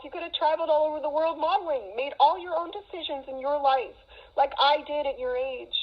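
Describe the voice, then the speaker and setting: Brief: middle-aged mother, high voice, agitated and lecturing, muffled call audio. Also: brisk. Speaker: mother on a call with her adult daughter. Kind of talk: heated personal phone conversation.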